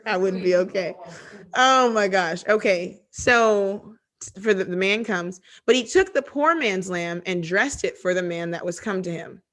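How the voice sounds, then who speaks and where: This woman teaches a Bible study in a conversational style, reading verses aloud before explaining them through animated, talkative tangents. She speaks at a medium pitch and a measured pace.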